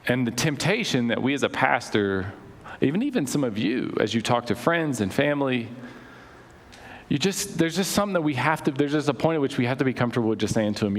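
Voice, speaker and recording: A man's voice: medium pitch, lively intonation, normal speed. A man preaching a sermon as pastor, conversational, full of anecdotes and restarts. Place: church sanctuary. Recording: reverberant church hall.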